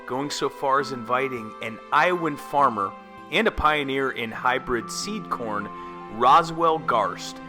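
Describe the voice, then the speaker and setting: A man narrating a scripted history video with sarcastic, jokey asides. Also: mid-range voice. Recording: voice-over with faint music.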